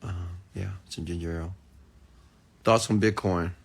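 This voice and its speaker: Man, gravelly, low voice, rambling excitable livestream host, recovering from food poisoning. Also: moderate pace. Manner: rambling, excitable, lots of restarts. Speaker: livestream host answering viewer comments. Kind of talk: casual late-night livestream chat.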